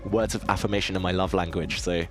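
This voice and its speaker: A man from southeast England streams his chess games, chatting casually with viewers and thinking aloud in a self-deprecating way. His low-pitched voice is fast with fairly even intonation.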